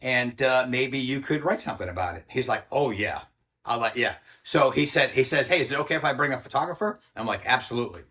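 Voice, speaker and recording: Older man, interview guest, blunt and profane storyteller, bright forceful voice. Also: mid-range voice, expressive, fast talker. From United States. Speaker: interview guest, former Army Ranger.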